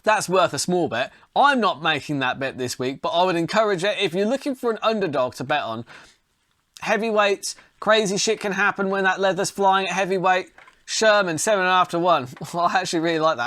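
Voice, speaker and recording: Bright-voiced man, casual and profane. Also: sits high, a little fast, no room sound, clean studio sound. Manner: profane, chatty, talks himself into things. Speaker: podcast host, fight tipster. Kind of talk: casual talk on fight betting.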